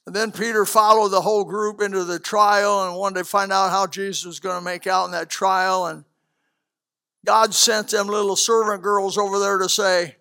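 High, gravelly preacher man. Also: level tone, moderate pace. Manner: dramatic swings from loud declaring to hushed asides. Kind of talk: sermon. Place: church hall with a congregation.

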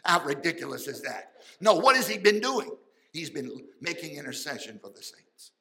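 A man preaching a sermon, folksy and fervent, swinging between loud outbursts and quiet asides. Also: a little high, sing-song, moderate pace, rough recording. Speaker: pastor.

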